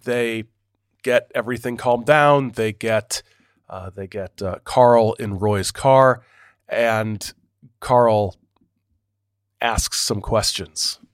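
A man's voice: on the low side, takes it slowly, pauses often, smooth, dry recording, studio quality. A male podcast host reading book excerpts aloud, stopping to comment with hesitant, repeated words.

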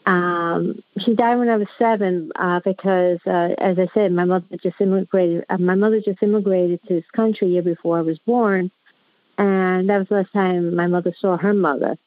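A woman's voice: lowish voice, fairly even intonation, moderate pace, dry recording. A woman calling in to a radio show, talking in a rambling, hesitant way with many fillers and restarts. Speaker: caller. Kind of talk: phone-in conversation. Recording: tinny phone line.

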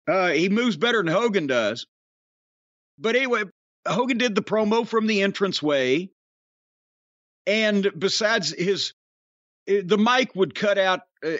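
High, bright-voiced profane podcast host. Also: male voice, dry recording, highs cut off. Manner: profane, sarcastic storytelling. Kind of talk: casual chat.

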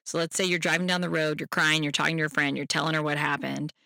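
A podcast host who gives a self-help talk in a gentle, reassuring way and speaks straight to the listener. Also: medium pitch, level tone, fast talker, vocal fry, no room sound, clean studio sound.

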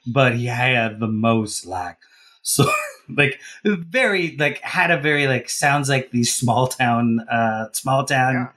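A man's voice: medium pitch, slow, a bit bright. A man, co-host of a podcast, telling a funny story in casual chat with many fillers and restarts.

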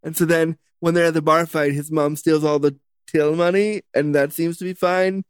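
A man's voice: a little high, flat delivery, moderate pace, clear, resonant tone, no room sound. A man casually recapping a film with jokes and swearing, in a rambling chat.

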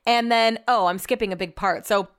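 Woman podcast host, smooth clear voice, casual and profane storyteller. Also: mid-range voice, fairly quick. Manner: chatty, profane, animated retelling.

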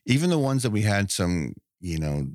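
A man's voice: lowish voice, big pitch swings, normal speed, a little mellow, no room sound, studio quality. A man co-hosting a casual movie podcast, rambling and laughing often as he talks. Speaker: podcast co-host.

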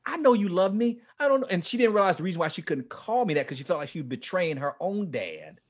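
A man in his forties, a ministry leader, telling his life story with strong emotion, dropping to a hush and then rising almost to a shout. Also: a little high, sing-song, fast, breathy edge. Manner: passionate, swings from hushed to near-shouting. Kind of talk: emotional testimony in an interview.

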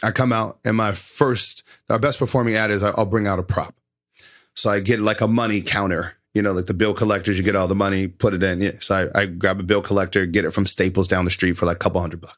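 A man talking casually about advertising as a guest, in a loose, animated and profane storytelling manner. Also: sits low, quick pace. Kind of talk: casual explanatory talk.

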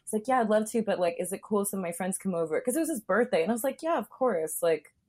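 Chatting candidly as a guest, this young woman acts out others' words and leans on lots of fillers while telling her story. She talks quickly and animatedly in a medium-pitched, slightly mellow voice.

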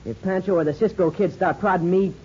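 Brief: male actor as a brash young ranch hand, quick-talking, fairly high voice, lo-fi old radio sound. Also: fairly even intonation, very noisy, lightly acted. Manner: quick, boyish western drawl. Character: brash young ranch boy, eager gunslinger wannabe. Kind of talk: 1950s radio drama acting. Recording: dull lo-fi old radio broadcast.

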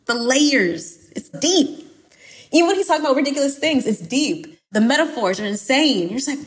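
A woman from Atlanta with an American accent, a podcast guest talking casually in an emphatic, animated way with playful exaggeration. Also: a little high, normal speed. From Atlanta, USA. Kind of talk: casual conversation.

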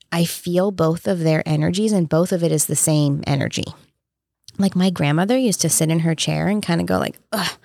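Gravelly-voiced earnest woman telling stories. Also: lowish voice, darkish tone, dry recording, clean studio sound. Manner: earnest, storytelling, many "like" fillers. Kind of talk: casual conversation.

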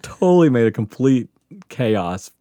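A man from the Mississippi coast telling a wild story on a podcast, animated, profane and laughing often. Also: mid-range voice, a little slow, no room sound. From Mississippi Gulf Coast. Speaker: podcast guest. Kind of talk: casual storytelling.

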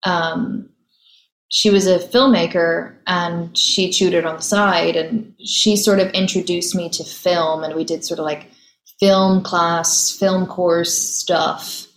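A woman, an actress being interviewed, chatting casually and telling stories quickly with easy laughs. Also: on the low side, fairly even intonation, roomy sound, slight background noise, low-quality recording. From Ireland. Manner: chatty, laughs easily, fast storytelling.

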